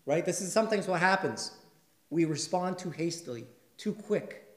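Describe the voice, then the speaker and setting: A male pastor delivers a sermon in a conversational style and keeps checking in with his listeners. His voice sits a little high, and it swells into loud, emphatic stretches. The recording has a roomy echo. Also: lively intonation, moderate pace. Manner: conversational, asks the congregation questions; builds to loud, emphatic passages. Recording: echoey room.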